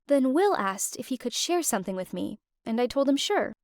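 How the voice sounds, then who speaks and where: A woman narrating an animated first-person story in an emotive, expressive way. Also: a little high, fairly quick, hardly any pauses, no room sound, clean studio sound. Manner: emotive, with wide swings of expression.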